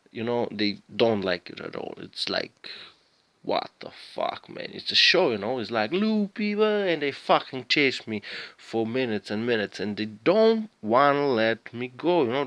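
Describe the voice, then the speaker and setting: A man's voice: mid-range voice, a bit bright, dry recording, highs cut off. A man, an English speaker, telling a rambling, profane story and often stopping to search for words. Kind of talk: rambling casual storytelling monologue.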